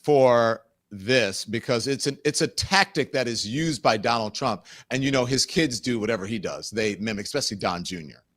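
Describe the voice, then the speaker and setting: A man hosting a political commentary show in a casual, halting, wry manner. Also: medium pitch, lively intonation, fairly bright tone, no echo, studio quality. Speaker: host.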